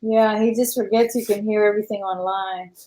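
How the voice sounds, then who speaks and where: A woman's voice: medium pitch, steady tone, brisk, mellow. A woman co-hosting a live online jewelry auction, casually calling out bid amounts and going once, going twice. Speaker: auction co-host.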